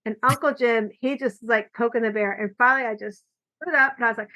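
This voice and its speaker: A woman hosting a podcast, chatting casually and telling animated stories, acting out quoted lines, recorded with muffled lo-fi audio. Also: a little high, fast talker. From California. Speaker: podcast host. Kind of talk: casual conversation. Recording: dull lo-fi audio.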